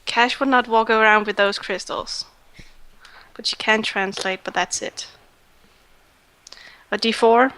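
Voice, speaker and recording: Flat-toned woman player, deadpan. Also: on the high side, a little slow, long pauses, clean tone, no room sound. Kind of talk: tabletop game chat.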